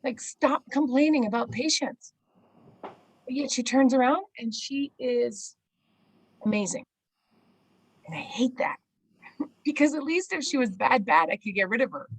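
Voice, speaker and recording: Animated woman venting on a dry call. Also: fairly high pitch, normal speed, long pauses, husky, no echo, rough recording. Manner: animated, venting, acts out quotes. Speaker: clinic owner. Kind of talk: casual chat. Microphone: video call.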